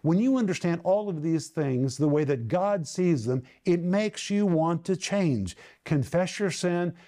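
High-voiced bible teacher guy, mellow dark tone, earnest and emphatic, lots of rhetorical questions. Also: lively intonation, measured pace.

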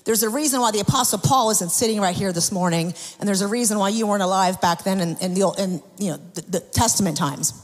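A woman's voice: mid-range voice, quick pace, few pauses. A woman preaching a sermon, telling personal stories in an earnest, confessional way with frequent restarts. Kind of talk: sermon testimony. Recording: long hall reverb.

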